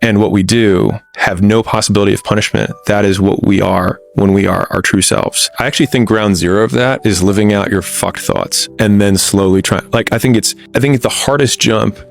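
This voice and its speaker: Low, gravelly-voiced man, blunt and frank, faint music under him. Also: steady tone, normal speed, hardly any pauses. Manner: blunt, frank, with frequent restarts. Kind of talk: candid conversational storytelling.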